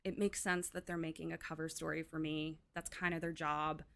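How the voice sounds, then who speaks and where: A woman doing a soft-spoken calm soldier. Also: brisk, creaky. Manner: soft, low-key, apologetic. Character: quiet, polite young soldier, male, softly calm.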